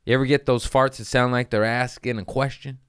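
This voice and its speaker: A man's voice: medium pitch, little pitch movement, brisk, clear, resonant tone, no room sound, studio quality. A man hosting a casual comedy podcast, reading listener messages and swearing freely as he acts out the people in his stories. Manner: profane, jumps into goofy voices for quoted people.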